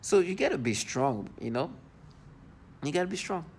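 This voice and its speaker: A man with a rough, gravelly voice speaks in a personal video monologue. He sounds agitated and disgusted, and keeps breaking off and restarting his sentences. Faint background noise runs under the recording. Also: fairly high pitch, big pitch swings. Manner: halting, full of restarts and fillers. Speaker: vlogger.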